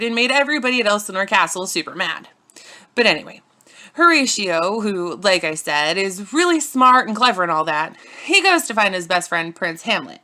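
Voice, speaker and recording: A woman's voice: mid-range voice, sharp tone. A young woman narrating a playful, silly retelling of a classic story, with casual slangy asides.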